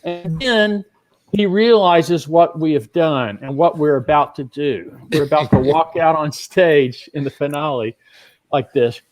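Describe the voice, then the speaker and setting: A middle-aged man with a high voice tells a backstage story. He is animated and acts out what the others said. He sounds like a guest magician recounting a show. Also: a little slow. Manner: animated storyteller acting out other people's lines. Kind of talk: telling a backstage anecdote.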